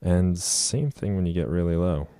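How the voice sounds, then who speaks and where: A man giving a casual music production tutorial at his computer, explaining each knob in a relaxed way with frequent ums, over loud instrument sounds. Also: low-pitched, moderate pace, very noisy. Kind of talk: casual screen-recorded software tutorial. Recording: loud instrument demos behind the voice. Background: loud synth and trumpet sounds playing.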